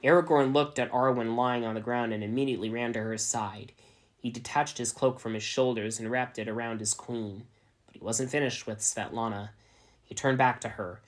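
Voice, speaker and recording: A man narrating a fan fiction story in a deadpan, even reading voice. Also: medium pitch, normal speed.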